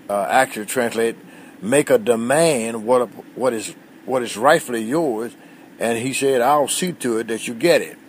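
Male preacher, mid-pitched, earnest devotional delivery, faint noise behind. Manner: earnest, repeats phrases, quotes scripture in old wording. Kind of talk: short devotional sermon.

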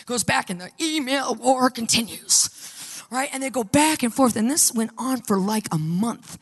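A woman telling a personal story in an animated sermon style, acting out the people she quotes with raised, shouted lines. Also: on the high side, normal speed, slightly rough. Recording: long hall reverb.

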